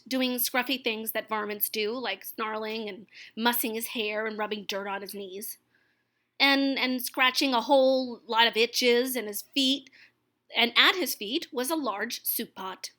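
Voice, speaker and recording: Woman storyteller, children's book reading, expressive, gentle, high pitch. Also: a little slow.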